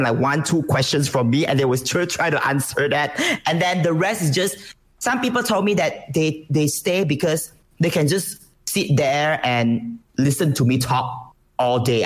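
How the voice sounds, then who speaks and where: A woman from Malaysia with a Malaysian accent, a streamer chatting casually in an interview, animated and full of restarts. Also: sits low. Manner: animated, lively delivery with frequent restarts. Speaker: Twitch streamer, guest.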